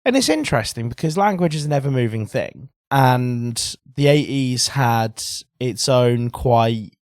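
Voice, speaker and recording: A man's voice: medium pitch, lively intonation, measured pace, darkish tone, no room sound, clean studio sound. An English man co-hosting a casual podcast chat, opinionated and swearing freely. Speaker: podcast co-host.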